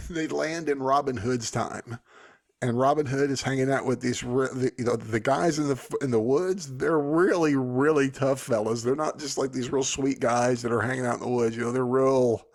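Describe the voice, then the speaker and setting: A man's voice: mid-range voice, normal speed. A man co-hosting a book podcast, chatting casually and wandering off into apologetic digressions. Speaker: podcast co-host. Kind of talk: casual chat.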